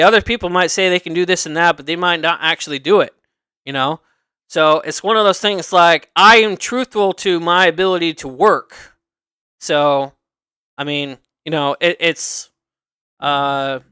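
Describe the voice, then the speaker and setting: A man's voice: sits high, sharp tone, clean tone, dry recording. A man hosting a livestream, chatting casually and earnestly, rambling and circling back to repeat his points. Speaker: livestream host. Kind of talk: casual unscripted chat.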